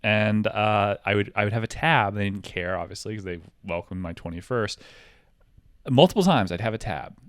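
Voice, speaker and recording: Low-voiced man rambling through stories. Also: moderate pace, a bit bright, no room sound, studio quality. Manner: rambling, filler-heavy, mimics voices in anecdotes. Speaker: podcast co-host. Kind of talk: casual comedic storytelling.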